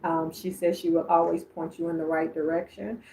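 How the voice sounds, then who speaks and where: A woman's voice: fairly low pitch, fairly even intonation, moderate pace, vocal fry, mellow, slight background noise. A woman reading messages for viewers on a livestream, chatting and calling them by name. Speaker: psychic medium on a livestream.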